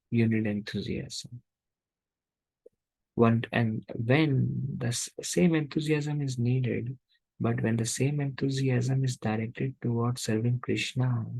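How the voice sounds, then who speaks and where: A man's voice: mid-range voice, creaky, darkish tone, slightly rough, no room sound, rough recording. A man teaching a scripture class, rhetorical and acting out inner voices.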